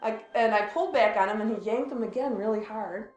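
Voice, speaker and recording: A woman's voice: on the high side, fairly quick, echoey room, faint music behind, low-quality recording. A woman casually telling a personal story to friends, laughing often and acting out what people said. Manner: animated, laughs often, acts out quotes.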